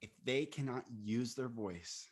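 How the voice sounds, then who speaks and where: A man's voice: mid-range voice, a little slow, slightly rough. A man who leads men's retreats, speaking earnestly and emphatically in an interview, now and then laughing as he explains. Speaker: coach and retreat leader. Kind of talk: interview conversation.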